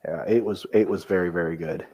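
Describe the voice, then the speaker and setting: A man's voice: sits low, steady tone, brisk, dark tone, dry recording, highs cut off. A man from the Midwest co-hosting a wrestling podcast, easygoing and full of questions. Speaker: podcast co-host. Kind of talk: casual wrestling chat.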